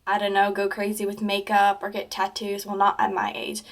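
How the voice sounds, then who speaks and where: A teenage girl vlogger offers casual advice to the camera in a mid-range female voice with a completely flat delivery at a moderate pace. She chats along with plenty of "like" and "um," acting out the conversations she describes in livelier voices.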